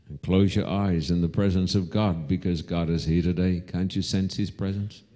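In a low-pitched voice, a man preaching draws out a story slowly and theatrically, then bursts into loud cries as he speaks the calls.

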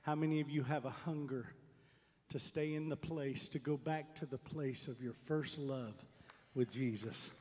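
A man's voice: mid-range voice, steady tone, normal speed, darkish tone, a little hiss or hum. A man leading worship, speaking earnest prayers to the congregation. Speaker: worship leader. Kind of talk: leading worship over music. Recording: reverberant church hall with music behind.

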